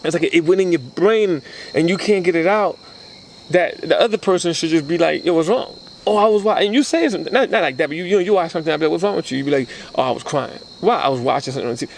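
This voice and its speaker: Animated man telling stories on a podcast. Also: high-pitched, fast, creaky, slight background noise, poor audio. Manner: animated storyteller acting out quoted voices. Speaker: podcast co-host. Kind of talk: casual chat.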